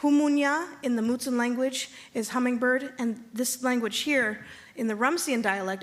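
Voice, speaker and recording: A woman serving as tribal chairwoman, giving a measured, earnest land acknowledgement and calling on the audience to repeat words after her. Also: high-pitched. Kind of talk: ceremonial address to an audience. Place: conference hall.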